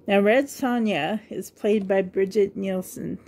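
Middle-aged woman, slow-paced, chatty and rambling, casual vlog. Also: medium pitch, steady tone, gravelly, a little mellow. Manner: rambling, chatty, laughs often. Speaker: vlogger. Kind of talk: casual chat to camera.

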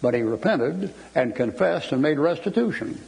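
Gravelly older Southern preacher. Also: male voice, on the high side, lively intonation, normal speed, darkish tone, poor audio. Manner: folksy Southern preaching, quoting scripture with emphasis. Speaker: Baptist preacher. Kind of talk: Bible study sermon.

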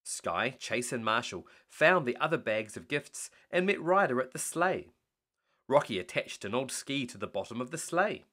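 Male storyteller, bedtime read-aloud, bright and animated. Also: medium pitch, normal speed. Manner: animated reading.

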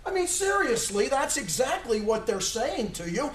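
A man pastor preaching a sermon, emphatic and full of rhetorical questions, at times shouting. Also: very high-pitched, sing-song, moderate pace, hardly any pauses, a little hiss or hum. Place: church sanctuary. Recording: echoey church room from far off.

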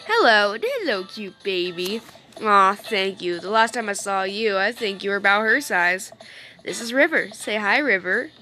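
A woman's voice: medium pitch, animated, normal speed, pushed and bright, faint music behind. A woman voicing a friendly, easygoing young dad from a game, a buff guy who calls everyone dude and bro.

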